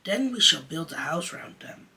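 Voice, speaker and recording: A bossy, excitable boy leader in a storybook, snapping out brisk commands in a raised, bright voice, as a man who performs in drag reads him. He is always in charge, and the voice sits a little back from the microphone. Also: a little high, creaky, far from the mic, full character voice. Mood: commanding.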